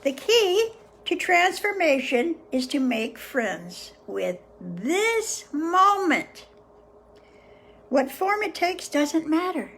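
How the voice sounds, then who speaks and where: A woman hosting a session where she reads a book aloud to viewers, pausing often in a gentle, unhurried way to muse on the passages. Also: sits high, big pitch swings, a little hiss or hum. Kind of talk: reading aloud with casual reflections.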